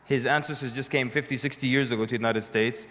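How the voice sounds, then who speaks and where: Speaking quickly with a steady, fairly bright, medium-pitched voice, a man lectures to a live audience. He tells stories in a conversational way, dropping in dry, humorous asides. The lecture hall gives the recording a long reverb.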